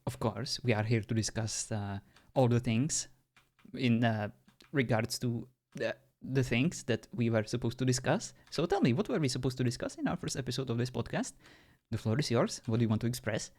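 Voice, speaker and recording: A man's voice: medium pitch, expressive, normal speed, a little mellow. A man hosting a joking mock podcast in a gaming voice chat, teasing his friends and laughing often. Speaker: host of a mock podcast in a game stream. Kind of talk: casual voice chat banter.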